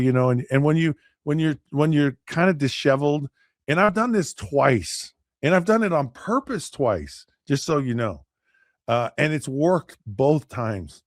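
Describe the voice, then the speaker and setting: A man hosting a podcast, telling a story in a casual, animated way, often repeating and restarting words and acting out both sides of a conversation. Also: mid-range voice, unhurried, no room sound, clean studio sound. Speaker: podcast host.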